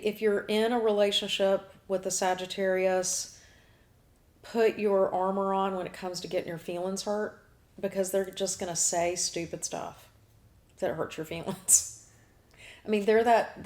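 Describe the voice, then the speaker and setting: A woman's voice: medium pitch, fairly even intonation, unhurried, darkish tone. A woman hosting a talk show as an astrologer, chatting casually with blunt asides and frequent laughs. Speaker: astrologer host.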